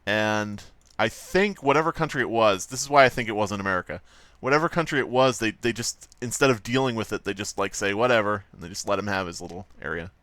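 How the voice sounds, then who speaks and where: A man's voice: lowish voice, fast talker, few pauses, a bit bright, no echo. A man hosting a live stream, chatting casually and rambling with jokes and frequent swearing while he draws. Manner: rambling, joking, swears freely. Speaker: livestream host.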